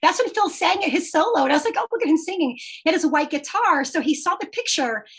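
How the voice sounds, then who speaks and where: A high-voiced woman tells a fan story with lively energy. She laughs often and acts out the lines she quotes in a bright, playful way. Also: fast talker. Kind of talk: casual storytelling.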